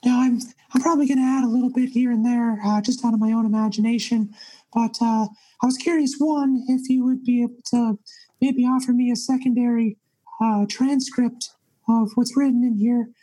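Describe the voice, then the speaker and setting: A man's voice: very high-pitched, fairly even intonation, moderate pace, warm tone, poor audio. A man voicing a small, pompous, very old author who stammers and pushes. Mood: pretentious. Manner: pretentious, pushy, stammering. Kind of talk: tabletop role-play.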